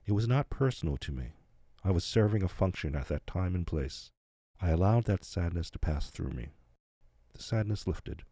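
Deep, mellow male podcast host. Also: animated, normal speed, no echo. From United States, New Jersey. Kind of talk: scripted podcast narration.

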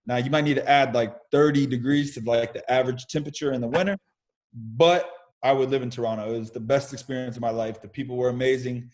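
A young American man, a pro athlete, tells a story with casual candor over a video call. His voice sits in a middle pitch, and he talks freely with the odd mild curse. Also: quick pace. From United States. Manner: lively storyteller, casual and candid, mild swearing. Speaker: podcast guest, pro baseball player.

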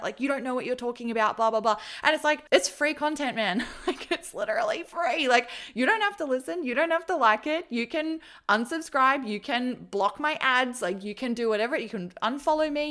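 Woman, podcast host and coach, casual encouraging solo monologue, higher-pitched, lots of "like". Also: fairly bright tone. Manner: chatty and encouraging, heavy use of "like".

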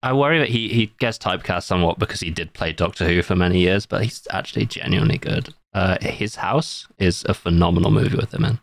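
A man's voice: low voice, quick pace, creaky, hardly any pauses, dry recording, studio quality. A man co-hosting a podcast, chatting casually and enthusiastically, with some swearing. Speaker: podcast co-host. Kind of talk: casual chat.

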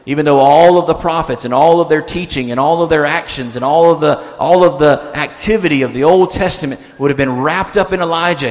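A man preaching a sermon as pastor, animated and expressive, acting out the disciples' words and dropping to a soft tone for emphasis. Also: fairly high pitch. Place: church sanctuary. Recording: long church-hall reverb.

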